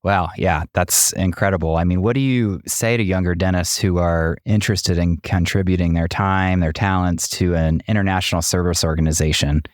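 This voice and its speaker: A man's voice: deep voice, fairly even intonation, normal speed, hardly any pauses, no room sound, studio quality. A man hosting a podcast interview who asks questions and praises his guest with enthusiasm. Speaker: podcast host.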